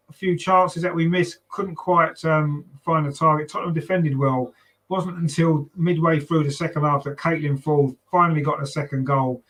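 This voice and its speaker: Commentating on a match during a live fan watchalong, a southern-accented Londoner reads chat comments aloud in a chatty style packed with ums and tag questions. His fairly bright voice is on the high side, and the recording quality is low.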